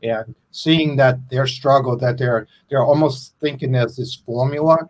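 A man's voice: mid-range voice, measured pace. A middle-aged man, an independent musician, chatting casually on a podcast, rambling and self-deprecating as he trails off.

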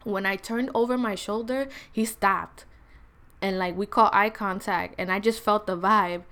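Young woman, mid pitch, casual storytime, slangy and blunt, lots of fillers. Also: steady tone, unhurried, fairly bright tone.

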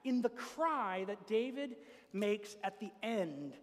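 A man's voice: sits high, big pitch swings, slow pace. A man preaching a sermon as pastor, earnest and building to emphatic peaks. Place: church. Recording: long reverb of a church hall.

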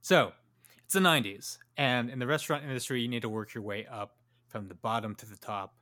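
A man's voice: mid-range voice, a little fast, sharp tone. A young man co-hosting a podcast, telling a story in a loose, joking way with many fillers. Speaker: podcast co-host. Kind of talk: casual storytelling chat.

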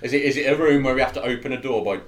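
A man's voice: medium pitch, rapid-fire, roomy sound, a loud crowd. A man running an improvised tabletop role-play, playful and teasing. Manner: playful, teasing, laughs often. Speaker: game master.

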